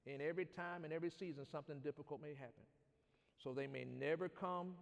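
Man preaching a sermon, gravelly voice, fairly high pitch, call-and-response, church with long reverb. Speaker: pastor.

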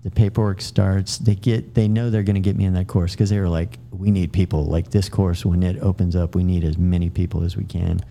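A middle-aged man with a low, gravelly voice spins a casual anecdote from his service days. His tone is very dark and mellow, and he talks in loose runs full of fillers and self-corrections. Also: level tone, fairly quick, few pauses. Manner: rambling anecdotes with frequent fillers and restarts. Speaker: podcast guest, military veteran. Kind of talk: casual storytelling.

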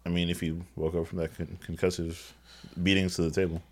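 A man co-hosting a casual movie recap, narrating the plot in a dry, halting way with hesitant restarts. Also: sits low, little pitch movement, a little mellow. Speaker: podcast co-host.

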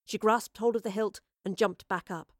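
A woman's medium-pitched voice gives an audiobook a measured, expressive narration. The sound is clean studio audio without any echo.

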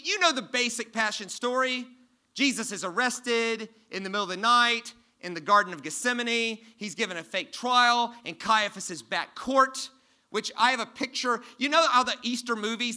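A man preaching a sermon to a congregation from a church stage, quizzing the listeners and swinging from loud emphasis to hushed tones. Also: very high-pitched, brisk. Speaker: pastor.

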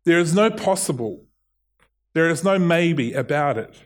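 A man's voice: a little high, lively intonation, measured pace. A middle-aged man with a New Zealand accent preaching a sermon, earnest, often restarting and repeating his words. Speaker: pastor.

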